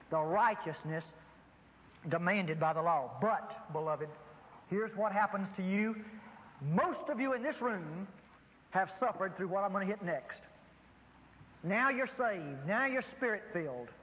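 A man's voice: high voice, in a large hall, muffled recording. A man preaching a sermon to a congregation, emphatic and dramatic, acting out dialogues. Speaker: pastor. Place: large room before a congregation.

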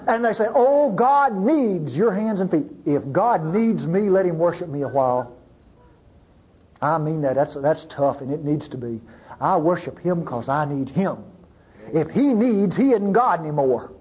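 A man preaching a sermon to a congregation, talking with lively swings between loud urgent stretches and hushed pleading. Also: fairly high pitch, moderate pace, slightly rough, muffled recording.

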